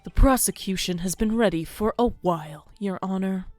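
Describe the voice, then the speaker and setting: A woman's voice: medium pitch, moderate pace, darkish tone, dry recording, soft background music, lightly acted. A woman voicing an aloof young male prosecutor with clipped, formal lines.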